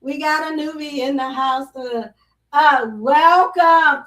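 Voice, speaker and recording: A woman's voice: high voice, takes it slowly, fairly bright tone, recorded from a distance. A woman hosting a live show, chatting casually and exuberantly greeting viewers by name, now and then breaking into song. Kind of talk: casual live-stream chat. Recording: roomy echo, voice somewhat off-mic.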